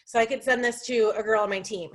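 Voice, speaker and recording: A woman's voice: on the high side, fairly even intonation, quick pace. A young woman giving a casual, chatty training for her sales team over a video call, full of fillers, restarts and jokes at her own expense. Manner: chatty, self-deprecating, many fillers and restarts.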